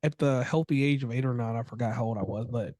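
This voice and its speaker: A man's voice: mid-range voice, fast talker, mellow, dry recording, studio quality. Chatty man in his thirties interviewing. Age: 30s. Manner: chatty, jokey, rambling questions. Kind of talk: casual interview.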